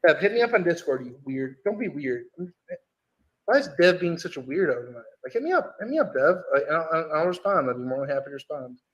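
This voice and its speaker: Lively high-voiced man prodding guests. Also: muffled recording. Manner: quick prodding questions, playful. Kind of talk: casual stream chat.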